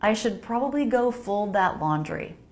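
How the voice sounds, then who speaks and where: An American woman teaching English pronunciation, slowly repeating each word for the listener to copy. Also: medium pitch, animated, a little mellow. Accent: General American. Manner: slow, precise, repeats words for practice. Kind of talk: pronunciation lesson voice-over.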